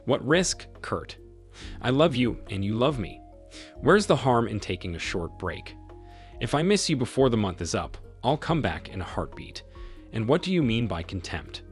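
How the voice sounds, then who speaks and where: A man reading the lines of a cool, self-assured wife who leaves her husband, calm and firm. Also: lowish voice, normal speed, faint music behind, lightly acted.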